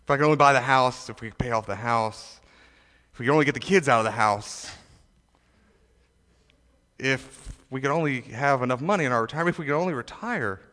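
A man preaching a sermon to a youth congregation, emphatic and animated, with frequent repetitions and restarts. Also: mid-range voice, a little fast, pauses often. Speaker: pastor. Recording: reverberant hall.

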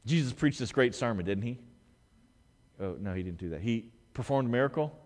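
A man preaching a sermon as a pastor, swinging between loud, emphatic stretches and hushed, quiet ones. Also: mid-range voice, expressive, brisk, in a large hall. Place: church sanctuary.

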